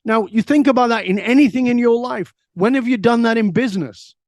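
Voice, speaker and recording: Man with a high voice, middle-aged, interview guest, lively storyteller, dry close sound. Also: a little fast, no room sound. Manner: lively storyteller who asks himself questions and answers them.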